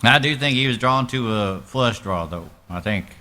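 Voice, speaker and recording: Bright-voiced man in put-on Southern drawl. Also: medium pitch, expressive, normal speed. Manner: laid-back, profane, joking drawl. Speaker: streamer commentating his own poker game. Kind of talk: casual live game commentary.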